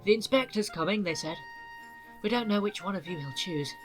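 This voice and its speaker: A man voicing a calm, wise older male engine who talks in a gentle, thoughtful way. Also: high voice, fairly quick, faint music behind, pitched above the performer's own voice.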